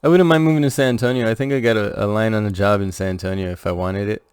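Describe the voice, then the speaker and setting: A man's voice: fairly low pitch, rapid-fire, darkish tone, clean tone, dry recording, studio quality. A man from Texas co-hosting a podcast, chatting casually with crude, profane jokes. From Rio Grande Valley, Texas. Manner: crude, joking, swears often. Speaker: podcast co-host.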